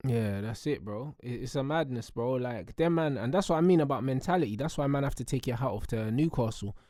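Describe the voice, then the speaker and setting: A man, co-hosting a relaxed football chat and backing up his partner's points. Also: medium pitch, a little fast, dry recording, studio quality. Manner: relaxed agreeing banter. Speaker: co-host.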